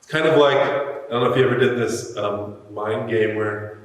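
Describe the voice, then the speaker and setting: A man giving a reflective sermon, musing aloud with pauses. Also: mid-range voice. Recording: echoey hall, mic far off.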